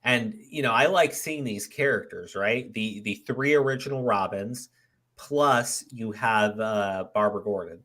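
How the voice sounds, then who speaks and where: A man's voice: fairly low pitch, unhurried, fairly bright tone. A man hosting a podcast in casual chat, rambling and often restarting his sentences, with frequent casual swearing. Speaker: podcast host.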